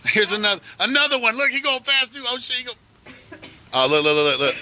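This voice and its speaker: A man from Oklahoma with an Oklahoma accent, livestreaming outdoors by a flooded street at night, giving loud, joking commentary full of slang. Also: very high-pitched, big pitch swings, fast talker, slight background noise. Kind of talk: casual live commentary.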